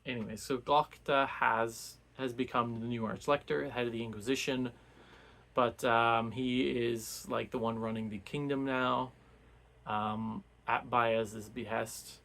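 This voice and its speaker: A man's voice: mid-range voice, flat delivery, measured pace, a bit bright. A man giving a casual, rambling recap of a novel for a book club, full of restarts and fillers.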